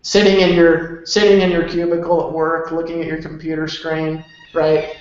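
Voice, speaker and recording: A motivational speaker rambles through an emphatic pep talk, cursing casually as he goes. His voice is fairly high and flat, moving at a normal speed. The room sounds very echoey, dull and lo-fi.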